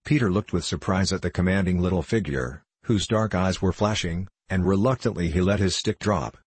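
A man narrates a children's classic with a deep, slightly husky tone. His reading is steady and measured. The sound is close and dry. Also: dry recording. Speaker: audiobook reader.

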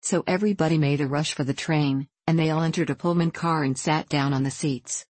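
A woman narrating a children's story for an audiobook, in a measured storytelling manner. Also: low voice, darkish tone, dry recording.

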